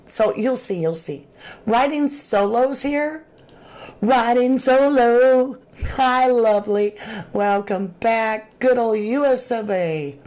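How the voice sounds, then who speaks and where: A woman hosting a true crime livestream, chatting casually and reading viewer comments aloud. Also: medium pitch. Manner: chatty, animated, Southern-tinged slang.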